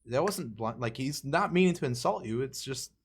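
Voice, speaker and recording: A man's voice: mid-range voice, animated, normal speed, a little hiss or hum. A man chatting casually as an interviewer, laid-back, swearing and calling his guest "dude". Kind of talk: casual podcast chat.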